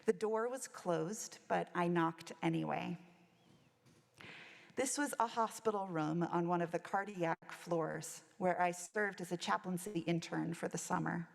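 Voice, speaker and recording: A woman's voice: fairly low pitch, normal speed, creaky, few pauses. A woman minister giving a reflective sermon, telling a story from her chaplaincy work. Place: church sanctuary. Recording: long church reverb.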